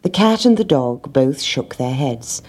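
A woman narrating a children's storybook in a gentle, expressive reading. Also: extremely low pitch, unhurried.

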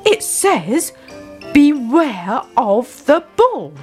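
A woman's voice: high voice, big pitch swings, very slow, a little mellow, faint music behind, full character voice. A woman voicing a stern but kindly male farmer in a storybook reading, speaking in a firm, lecturing way.

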